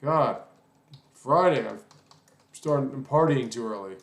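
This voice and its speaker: A man's voice: mid-range voice, lively intonation, a little slow, gravelly, roomy sound. A man teaching a casual coding lesson while typing, rambling, apologizing, and cursing at his own mistakes. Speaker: coding tutorial instructor.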